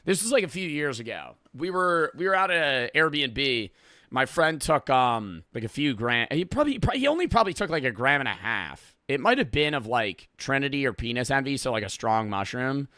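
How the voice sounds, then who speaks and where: A man in his twenties rambling through profane, lively stories and reactions as a streamer. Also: medium pitch, normal speed, no room sound, clean studio sound. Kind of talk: casual reaction commentary.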